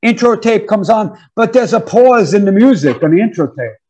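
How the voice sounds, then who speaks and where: A husky-voiced American man in his fifties, a guest musician with a New York accent, tells stories in a relaxed interview at a moderate pace. His voice sits fairly high for a man, and he acts out counts and quoted lines, often dropping "man" into his sentences. The recording is muffled.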